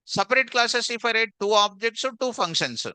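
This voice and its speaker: A man's voice: extremely high pitch, animated, brisk, sharp tone, smooth, no room sound. A man teaching a programming class, repeating questions and quizzing his students. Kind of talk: live online coding class.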